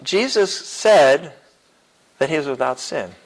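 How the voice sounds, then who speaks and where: Guy teaching a church class, kinda high voice, laughs a lot, lots of um and you know. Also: expressive, slow pace, poor audio. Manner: casual and chuckling, many fillers and restarts. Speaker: apologetics teacher. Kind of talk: classroom lecture.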